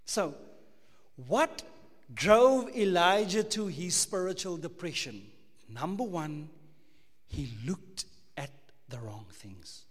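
A South African man preaching a sermon, emphatic, full of rhetorical questions, swinging between loud and hushed. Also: high voice, lively intonation, slow, long pauses, in a large hall. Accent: South African English.

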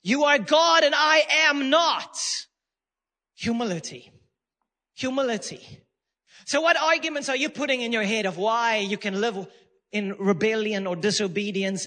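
A male pastor preaching emphatically, hammering points home through repetition. His voice sits very high and sounds bright and forceful. It rings out with a long hall reverb. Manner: emphatic, repeats phrases for stress. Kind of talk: sermon.

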